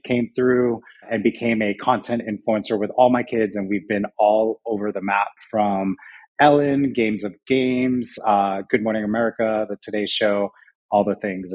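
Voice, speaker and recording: A man who is a guest on a podcast, talking about himself in an easygoing, upbeat way. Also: fairly low pitch. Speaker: guest, wedding planner. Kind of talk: casual interview chat.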